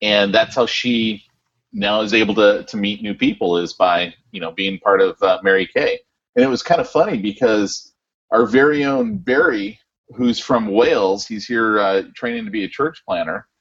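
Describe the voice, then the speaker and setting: A man with a husky, fairly low voice co-hosts a casual podcast and tells stories with lots of ums and you-knows. His pitch moves around a lot, and the audio is dull and lo-fi. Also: very animated, normal speed, a bit bright. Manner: rambling storyteller with many fillers. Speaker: podcast co-host.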